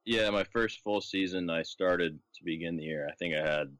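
A young man from California, a guest on a podcast, answering in a relaxed, easygoing way. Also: low-pitched, moderate pace, no room sound. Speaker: guest, college pitching coach. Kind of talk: casual interview chat.

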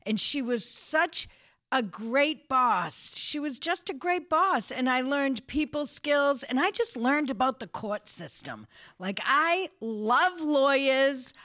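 A woman in her sixties from the Boston area tells stories with comic energy, laughing as she goes. Her voice sits a little high for a woman. The sound is dry and close. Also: takes it slowly, no echo. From Boston area, USA. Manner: lively, funny storyteller who laughs often. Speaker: casting director, guest. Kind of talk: casual interview storytelling.

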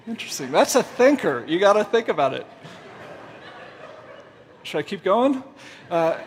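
A man's voice: high-pitched, sing-song, brisk, a bit bright, long reverb tail, slight background noise. A man preaching a humorous, self-deprecating storytelling sermon, laughing often as he goes. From United States. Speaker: pastor.

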